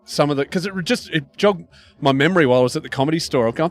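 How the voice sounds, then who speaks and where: A man's voice: a little high, racing, faint music behind. An Australian comedian in his thirties, trading dry, teasing jokes in a casual chat.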